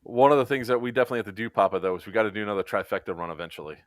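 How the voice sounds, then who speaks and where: Man telling animated stories, dry sound. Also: fairly low pitch, racing, no room sound. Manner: animated storyteller, acts out quotes. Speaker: co-host. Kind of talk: casual podcast chat, storytelling.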